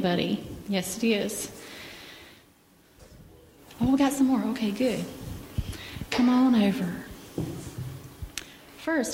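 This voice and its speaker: A woman gently reading a picture book aloud to children in church, pausing to ask them questions. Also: mid-range voice, a little hiss or hum. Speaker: children's story leader. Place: church sanctuary. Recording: echoey hall with faint ambience.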